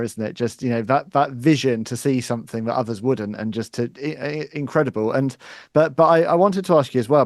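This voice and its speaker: An eager male podcast host asks long, winding questions and trips over his words. His voice has a mid pitch. It is recorded close and dry. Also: darkish tone, no echo. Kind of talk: interview questions.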